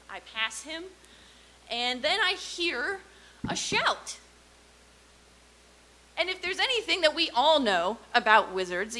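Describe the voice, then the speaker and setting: A young woman performing a stand-up comedy set, telling stories in an animated, sarcastic way. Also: a little high.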